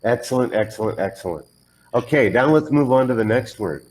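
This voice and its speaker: Teaching English pronunciation to a single learner, a man patiently demonstrates words and fixes the learner's drills. He speaks briskly with lively intonation in a medium-pitched, darkish voice, and the audio is poor.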